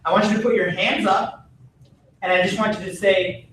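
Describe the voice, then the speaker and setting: A man's voice: sits high, fairly even intonation, moderate pace, fairly bright tone, slight background noise. A man teaching a martial arts self-defense class to kids, giving firm, repetitive instructions. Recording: echoey gym from far off.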